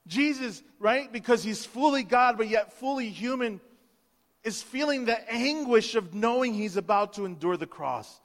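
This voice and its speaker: A male pastor preaching an Easter sermon with passion, swinging between hushed lines and loud outbursts. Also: extremely high pitch, animated, normal speed. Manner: impassioned, swings from hushed to loud, acts out quotes. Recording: long hall reverb.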